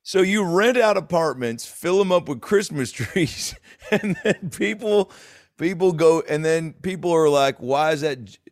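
A man's voice: a little high, animated, unhurried, no echo, studio quality. A man hosting a comedy podcast, teasing his guest and often laughing, with stumbling restarts. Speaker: podcast host.

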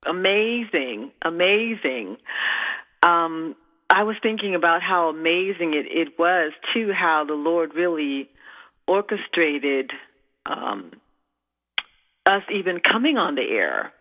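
Woman host on a tinny phone line, slow and chatty, bubbly and rambling. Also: on the low side, expressive. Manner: bubbly and rambling, with many fillers and restarts. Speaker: radio show host and minister. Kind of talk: casual chat on internet radio.

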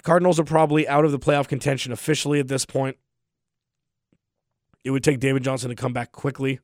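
A man's voice: mid-range voice, dry recording, clean studio sound. A young adult man hosting a sports podcast, talking casually with a sore throat, rambling and trailing off at the ends of phrases. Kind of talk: casual solo podcast talk.

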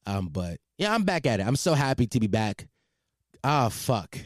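A young man hosting his own podcast, talking in a loud, profane and rambling way from home at night. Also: mid-range voice, sing-song, normal speed, no room sound, studio quality. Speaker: podcast host. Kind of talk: casual solo podcast chat.

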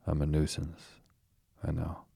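A man's voice: very deep voice, monotone, a little slow, vocal fry, mellow, slightly rough, no echo, clean studio sound, exaggerated voice. A man reading the part of a self-pitying toad who murmurs weakly from his sickbed. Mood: feeble. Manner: languid, murmuring, weak.

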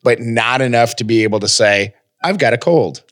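A radio host chatting casually and telling a story with many restarts, nursing a lingering cough. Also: male voice, mid-range voice, moderate pace, fairly bright tone, no echo. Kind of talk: casual chat.

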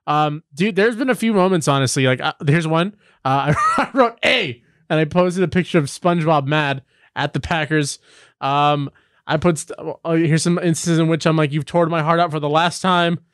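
A young man co-hosting a casual sports chat, telling rambling stories full of "um" and "like", jumping up in pitch when he gets worked up. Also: moderate pace, clear, resonant tone, no room sound, clean studio sound. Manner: animated, rambling storytelling with many fillers. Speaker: podcast co-host.

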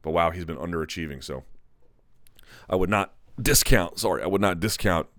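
A man's voice: sits low, lively intonation, a little fast, a bit bright, no room sound. A man hosting a live chat, talking candidly in a rambling, self-correcting way. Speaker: MMA live chat host. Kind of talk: casual live-stream commentary.

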